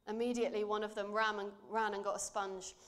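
A woman preaching in church, reading scripture and speaking in a measured, earnest way that drops softly for emphasis. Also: medium pitch, flat delivery.

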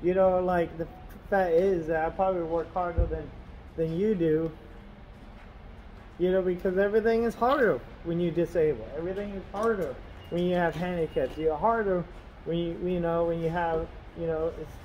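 A man's voice: fairly high pitch, fairly even intonation, moderate pace, darkish tone, highs cut off, slight background noise. A man vlogging from his car, rambling and aggrieved, full of "you know" fillers. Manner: aggrieved, complaining. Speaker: delivery driver vlogger. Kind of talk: casual vlog rant. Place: in his car on a snowy road.

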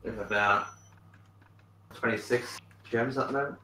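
A man's voice: mid-range voice, steady tone, a little slow, pushed and bright, slight background noise. A man racing in a video game speedrun, chatting in a laid-back way with short, easy replies. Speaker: speedrun racer. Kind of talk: casual chat during a game. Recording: echoey room with faint music.

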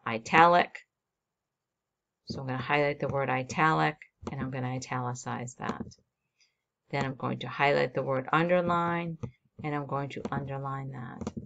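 A woman teacher walking students through a software assignment step by step on a screen recording, narrating each click. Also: very deep voice, steady tone, moderate pace, vocal fry, muffled recording.

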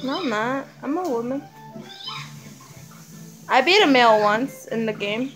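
A woman's voice: a little high, animated, measured pace, a bit bright, faint music behind, low-quality recording. A woman chatting casually while playing a video game, hesitant and apologetic, often searching for words. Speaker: player.

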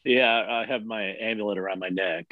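Male player, low voice, muffled lo-fi mic. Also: fairly even intonation, moderate pace, no room sound. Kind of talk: tabletop game play.

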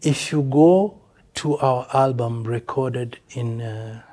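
An older Kenyan man with a mellow, slightly husky voice talks bluntly and with emphasis. He sounds like a veteran musician in a relaxed interview, now and then slipping into Swahili phrases. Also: mid-range voice, takes it slowly. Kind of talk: casual interview talk.

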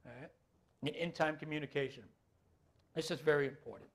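A man's voice: on the high side, brisk. Chatty middle-aged man giving a talk. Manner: conversational, keeps checking in with the audience, tacks on filler phrases. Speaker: dementia care trainer. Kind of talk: talk to an audience.

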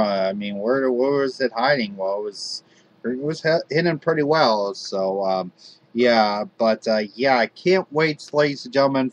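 A man hosting a hobby wrestling show, talking haltingly with lots of fillers. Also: lowish voice. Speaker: host.

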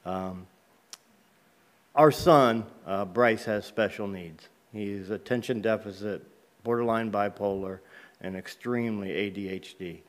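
In a church sanctuary, a middle-aged guest speaker from Ohio shares a personal faith story as a testimony sermon. His voice is lowish and unhurried, and he talks in a folksy, plain-spoken way, filling pauses with plenty of ums.

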